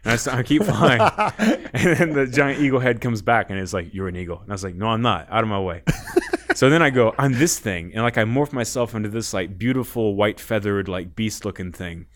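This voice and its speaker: A man's voice: medium pitch, animated, moderate pace, fairly bright tone. A man guest on a podcast, telling a rambling story in casual talk, often laughing and swearing.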